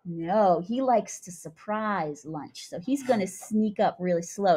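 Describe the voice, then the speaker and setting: A young woman teaching young children, animated and sing-song as she chants rhymes and talks through each step. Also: mid-range voice, measured pace, husky. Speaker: kindergarten teacher.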